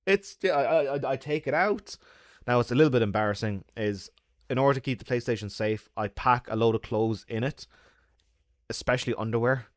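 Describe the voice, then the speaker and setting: A young man who makes videos, chatting on a livestream and telling stories in an animated way, laughing often and swearing. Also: mid-range voice, brisk, no echo, clean studio sound. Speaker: YouTuber. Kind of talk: casual livestream chat and storytelling.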